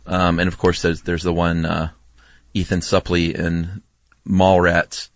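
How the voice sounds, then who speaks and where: A man co-hosting a podcast in casual chat, laid-back and quick to laugh, reading listener mail aloud. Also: low voice, monotone, no echo. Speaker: podcast co-host.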